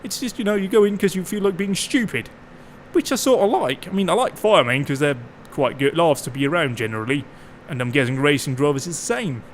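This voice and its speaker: Playing a farming game, this man talks in a chatty, jokey way, cursing freely and tossing off quick mock voices. The streamer's voice is a little high, and there's a bit of hiss or hum in the audio.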